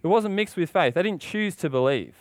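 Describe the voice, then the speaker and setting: A man's voice: expressive, fairly quick, dry recording. A man preaching a sermon with passion, asking rhetorical questions and getting worked up as he goes. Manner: impassioned, rising in pitch when worked up.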